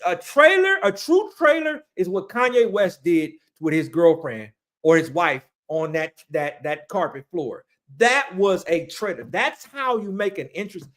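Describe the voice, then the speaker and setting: A man ranting casually to his viewers, excitable and rambling, repeating himself, his voice cracking high when he gets worked up. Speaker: online ranter reviewing movies and shows.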